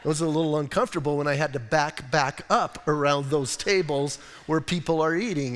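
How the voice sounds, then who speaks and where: A man preaches from the pulpit in a loose, conversational way, repeating "listen" and wandering into joking asides. His voice sits a bit high for a man. Everything carries a long reverb from the church hall. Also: moderate pace, hardly any pauses, fairly bright tone. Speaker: pastor. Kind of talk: sermon. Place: church sanctuary.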